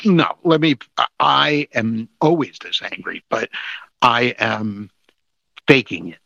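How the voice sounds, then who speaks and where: A man's voice: mid-range voice, slow pace, vocal fry, bright, forceful tone, no echo. A man from New Jersey co-hosting a comedy podcast, talking in a cranky, ranting way. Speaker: podcast co-host. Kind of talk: casual comedic chat. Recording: dull lo-fi sound, dry.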